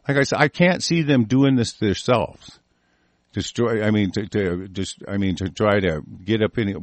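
A low-pitched man ranting on his show, swearing at almost every turn and rambling from point to point. His voice is close and dry, with no room sound around it. When he reads the news aloud, his pace slows and stumbles. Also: no room sound. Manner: angry, cursing, rambling. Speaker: talk show host. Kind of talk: profane ranting commentary.

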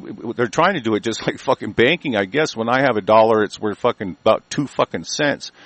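A man's voice: medium pitch, fairly bright tone, no echo. A middle-aged man calling in to a talk show, ranting in a heated, profane, rambling way with many restarts. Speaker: caller. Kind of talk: angry call-in rant. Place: rural mountain area.

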